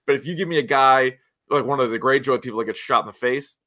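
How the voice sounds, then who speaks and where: A man talking through last night's episode in a loose, animated chat, often acting out scenes as he goes. His voice is bright and forward, with a medium pitch. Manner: animated, jumps between points, quotes scenes in quick asides. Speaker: podcast co-host. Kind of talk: casual TV recap chat.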